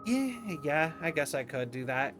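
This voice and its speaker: A man's voice: a little high, big pitch swings, a little slow, a bit bright, faint music behind. A tired man streaming late at night, rambling and interrupting himself in casual livestream commentary. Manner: rambling, self-interrupting, chatty. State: tired, yawning.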